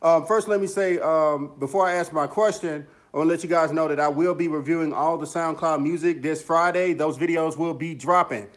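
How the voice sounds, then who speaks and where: A music producer and YouTuber hosts a livestream from his home studio in the mountains, talking briskly with hardly any pauses in a steady, higher-than-average voice. Upbeat and chatty, he greets viewers by name with lots of shout-outs and rambles with fillers.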